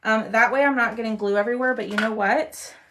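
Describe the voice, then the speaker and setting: A woman's voice: fairly high pitch, steady tone, quick pace, a bit bright, a little hiss or hum. A woman, chatting casually with viewers while she crafts on a livestream, trailing off as she concentrates.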